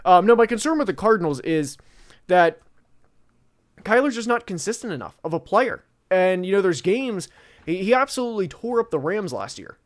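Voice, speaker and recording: A young man chats loosely about football as a podcast host, circling back on his points with plenty of fillers and false starts. His voice sits a little on the high side for a man. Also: big pitch swings, normal speed. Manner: rambling, many fillers and restarts. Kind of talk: casual football talk.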